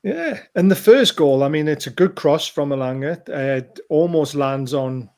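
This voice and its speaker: A man co-hosting a football podcast, telling match stories in an animated, excitable way. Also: fairly high pitch, moderate pace. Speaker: podcast co-host. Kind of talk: casual football chat.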